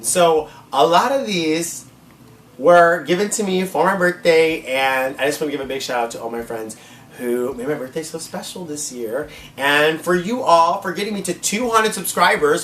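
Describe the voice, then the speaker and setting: An American trans woman and drag queen who collects manga chats in a casual haul vlog, sassy and gushing. Her voice is low-pitched, unhurried and fairly bright, recorded in an echoey room with faint ambient noise.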